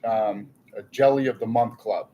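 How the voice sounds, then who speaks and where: A man's voice: fairly low pitch, fairly even intonation, moderate pace, mellow, lo-fi sound, a little hiss or hum. A man answering questions in a casual podcast chat, easygoing and thoughtful. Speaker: podcast guest.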